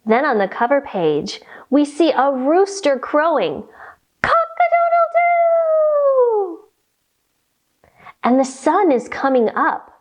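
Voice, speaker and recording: A woman leading a children's storytime with yoga instruction, reading aloud in a playful, expressive way. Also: sits high. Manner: animated, playful, slow and expressive.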